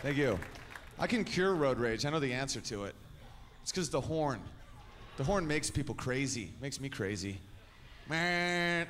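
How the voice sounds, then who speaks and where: A man's voice: medium pitch, animated, normal speed, some chatter behind. Brash man doing stand-up. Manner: brash storyteller acting out both sides. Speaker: stand-up comedian. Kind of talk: stand-up comedy set. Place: comedy club stage. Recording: noisy club recording with audience.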